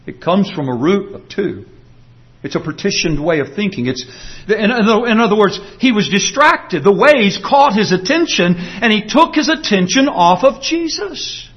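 A man preaching a sermon, explaining a passage earnestly and slowing down to stress his points. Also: sits high, expressive, lo-fi sound. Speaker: pastor.

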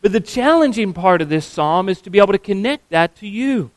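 A man preaching a sermon, earnest and emphatic, slowing down to stress key words. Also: high voice, animated, dry recording.

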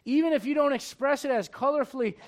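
A man in his forties preaching a sermon. He moves from loud urging to quiet confiding. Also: extremely high pitch, fast talker. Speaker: pastor.

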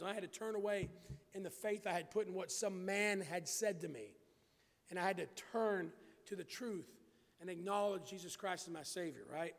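Pastor, male, high gravelly voice, reads verses slow and emphatic, asides soft, church reverb. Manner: reads scripture slowly and emphatically, then drops to quiet asides. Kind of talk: expository Bible sermon. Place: church building.

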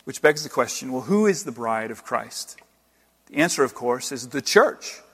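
A male pastor preaching an earnest sermon, swinging between loud exclamations and hushed, slowed emphasis. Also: medium pitch, lively intonation, slightly rough. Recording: long hall reverb.

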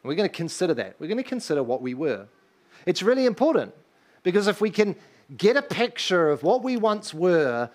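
Emphatic preacher man, higher voice. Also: very animated, normal speed. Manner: emphatic, asks the congregation rhetorical questions. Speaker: pastor. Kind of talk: sermon. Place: church.

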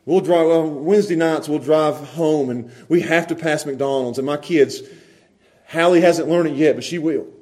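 A man preaching a sermon to his congregation, swinging from loud, animated exclaiming to quiet, close asides. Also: a little high, moderate pace. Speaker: pastor.

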